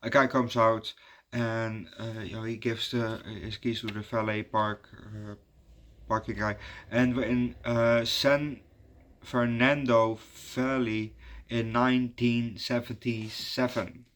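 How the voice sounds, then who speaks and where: Male movie reviewer at a mid pitch, chatting loosely and hesitantly with frequent ums and restarts. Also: little pitch movement, slow, fairly bright tone. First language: Dutch. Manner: rambling and hesitant, many fillers and restarts. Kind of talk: casual spoken movie review.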